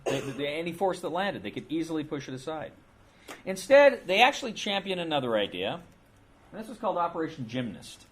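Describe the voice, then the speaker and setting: A man's voice: on the high side, sing-song, a little fast, slight background noise. A man giving an informal history lecture in a classroom, talking casually and repeating his points. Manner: casual, conversational, with repeated phrases and restarts.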